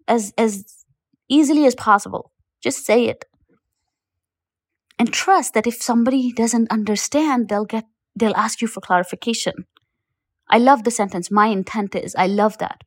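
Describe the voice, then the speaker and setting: A woman coach with a higher voice talks straight to the listener, direct and emphatic, repeating key points and reassuring them. The voice note sounds close and dry, with no room echo. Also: normal speed, long pauses. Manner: encouraging, addresses listener as you. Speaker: confidence coach. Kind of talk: motivational podcast talk. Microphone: recorded as a voice note.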